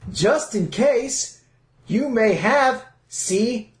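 A woman speaking in a slow, drawn-out, taunting way. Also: a little high, expressive, echoey room.

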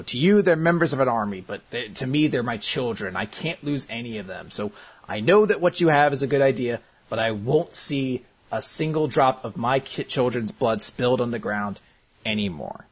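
A man's voice: medium pitch, animated, normal speed, slightly rough. A man voicing an old male guild master who is defiant and ready to sacrifice himself, in an over-the-top, melodramatic way. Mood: solemn.

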